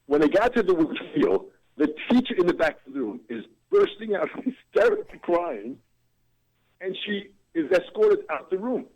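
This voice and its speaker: A man's voice: high voice, wildly swooping pitch, normal speed, a little mellow, muffled recording. A man, a drummer and motivational speaker, telling a story as a guest in an ebullient, dramatic way. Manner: ebullient, dramatic vocal swings. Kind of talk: animated storytelling in an interview.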